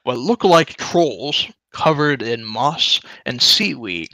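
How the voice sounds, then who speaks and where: Gravelly-voiced man running the game. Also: mid-range voice, sing-song, slow pace, sharp tone, no room sound. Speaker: dungeon master. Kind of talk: narrating a tabletop game.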